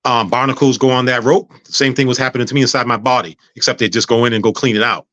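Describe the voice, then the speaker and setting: Fast-talking man telling a story. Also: medium pitch, no room sound, highs cut off. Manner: animated, acts out other people's words. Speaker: podcast guest. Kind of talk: casual storytelling.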